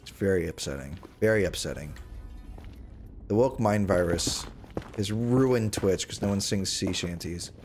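Slow, rambling streamer guy. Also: sits low, a little mellow, faint music behind. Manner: rambling, jokey, talking to chat while playing. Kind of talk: casual live-stream gaming chat.

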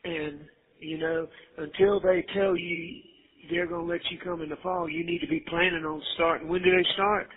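A man's voice: fairly high pitch, little pitch movement, normal speed, slightly rough. A middle-aged man, giving insistent, coaxing fatherly advice on a recorded phone call. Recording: tinny jailhouse phone line.

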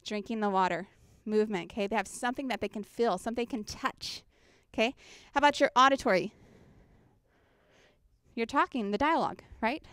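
Speaking a little fast in a smooth, fairly bright voice on the high side, a woman leads a children's ministry workshop in a conference room. She's chatty and engaging, often checking in with her audience through a handheld mic. The recording is dry and studio quality.

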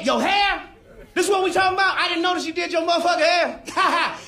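A man doing profane, animated stand-up comedy, shouting punchlines and acting out arguments. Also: very high-pitched, quick pace, crowd noise, noisy background. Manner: profane, loud, animated, acts out characters.

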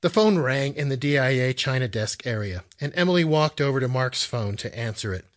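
A man giving steady scripted narration of a thriller audiobook. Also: medium pitch, brisk.

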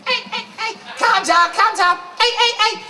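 A man voicing a loud, jokey male Liverpool caricature with an exaggerated sing-song Liverpool accent, high and shouted, at a live reading. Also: normal speed, a little hiss or hum, heavily acted. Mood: mocking.

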